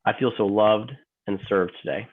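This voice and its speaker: A man's voice: fairly low pitch, normal speed, slightly rough, pitched below the performer's own voice. A man playing an emotional office worker in a training role-play, stammering, repeating himself and apologizing over and over. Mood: grateful. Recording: tinny phone-like line.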